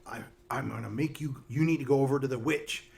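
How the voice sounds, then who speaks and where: A man's voice: mid-range voice, fast talker, vocal fry, darkish tone, close to an everyday voice. A man voicing a fierce, bossy young girl who barks orders. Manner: barking orders.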